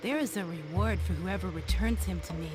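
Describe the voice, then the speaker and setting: A woman's voice: lowish voice, brisk, close to an everyday voice. A woman voicing a worried dog owner in an amateur game, pleading plainly. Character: worried woman who lost her dog.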